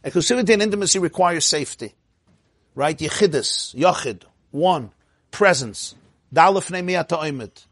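A man's voice: a little high, animated, moderate pace, a bit bright, breathy edge, dry recording, studio quality. A man teaching an informal religious class, chatty and digressive, often laughing and quizzing his listeners. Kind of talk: informal Torah class lecture.

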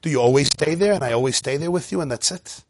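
Male Torah teacher, high-pitched and animated, dry close sound, acts out little dialogues. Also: fast, slightly rough, no echo. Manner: mixes Hebrew text readings with English explanation. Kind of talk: lively Torah class lecture.

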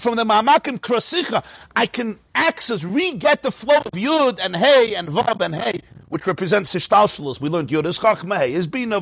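A middle-aged man with a slightly high, husky voice teaches a Torah class, talking animatedly with rhetorical questions and frequent doubling back on his words. The recording is dry and close, with little room sound.

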